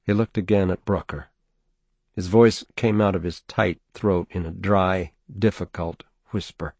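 A man narrating a novel in a measured, steady audiobook reading on a close mic. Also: sits low, slightly rough, dry recording. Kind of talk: scripted narration.

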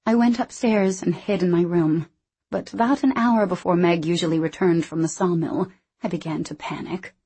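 A woman reading a first-person novel aloud as audiobook narrator, in a measured, expressive way. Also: lowish voice, husky.

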